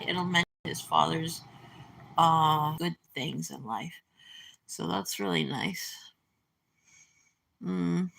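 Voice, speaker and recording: A woman's voice: on the low side, creaky, fairly bright tone, breathy edge. A woman in her forties talking to camera in a casual, meandering way, reminiscing with many fillers and restarts. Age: 40s. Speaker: vlogger. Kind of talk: casual rambling monologue.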